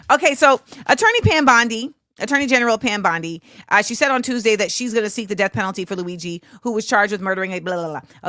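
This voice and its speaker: A woman hosting a casual chat show, reading news items aloud and adding quick asides. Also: a little high, pushed and bright, no echo, studio quality. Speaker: host.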